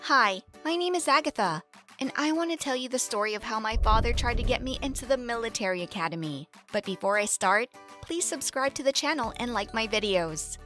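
Woman storyteller, higher voice, lively narration, faint music behind. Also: fairly quick. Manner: lively, animated storytelling with acted quotes. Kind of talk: first-person story narration.

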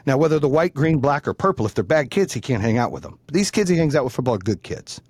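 Middle-aged male host, casual storyteller, salty and animated, mid-pitched, dead-dry sound. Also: quick pace, slightly rough, dry recording. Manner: profane, animated, acts out the people in his story.

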